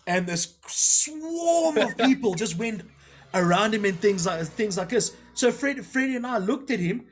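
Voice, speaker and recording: High-voiced jokey male host. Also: moderate pace. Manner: animated storyteller, jokey. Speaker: podcast host. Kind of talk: casual interview chat.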